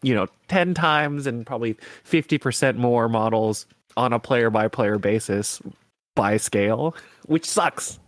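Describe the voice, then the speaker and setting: A man's voice: medium pitch, unhurried, dry recording. A man hosting a podcast in casual chat who laughs easily and talks in long running sentences full of fillers. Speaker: podcast host.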